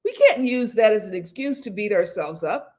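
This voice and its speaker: An older woman hosts a relaxed motivational talk, speaking at normal speed in a mid-range voice. She's animated and laughs often while imitating the voices people use on themselves.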